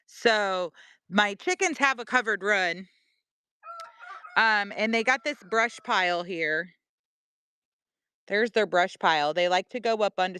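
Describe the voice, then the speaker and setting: Casual vlogger, middle-aged woman, clear voice, outdoors, chatty and talks to her pets. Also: mid-range voice, a bit bright, no room sound. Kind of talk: casual walk-and-talk vlog. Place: outdoors in a backyard with animals.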